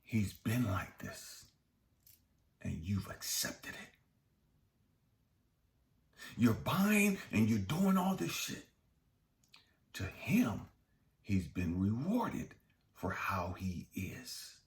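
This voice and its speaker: A man's voice: fairly low pitch, sing-song, very slow, pauses often. A man hosting a self-help channel, giving a blunt, heavily profane, preachy motivational monologue.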